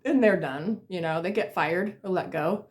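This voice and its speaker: A vlogger seated in a chair at home shares humorous work anecdotes at a normal speed in a fairly low-pitched voice. Her telling is casual and rambling, packed with fillers and self-directed laughter.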